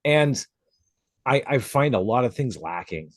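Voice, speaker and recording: In a home studio with noise from outside, a tattoo artist and podcast co-host talks casually about tattooing, swearing and laughing a lot while coughing from a drink gone down the wrong way. His medium-pitched voice is sing-song and unhurried, in a dry, clean studio recording.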